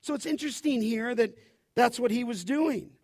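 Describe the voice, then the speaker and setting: A man preaching a sermon as pastor, animated, often asking his listeners to finish his sentences. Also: extremely high pitch, moderate pace, creaky, dry recording, studio quality. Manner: animated preaching, asks the congregation to fill in words.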